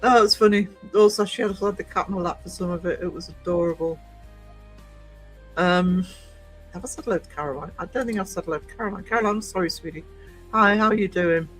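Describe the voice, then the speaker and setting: Man, high-pitched, live stream host, casual chat, greets viewers, faint music in background. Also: fast talker, a bit bright, breathy edge, poor audio. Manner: chatty, greets viewers by name, coughs now and then.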